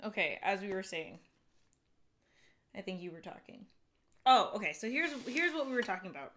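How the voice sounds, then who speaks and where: A woman's voice: medium pitch, very animated, moderate pace, fairly bright tone, slight background noise. A young woman hosting a live stream, talking casually and rambling with fillers and restarts. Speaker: vlogger and live-stream host.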